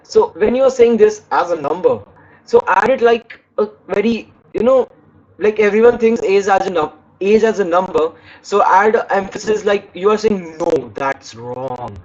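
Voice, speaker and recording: A man's voice: high voice, normal speed, a little mellow, muffled recording. A man giving an online speaking lesson, demonstrating tones by reading lines aloud and stopping to correct himself. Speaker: English speaking teacher.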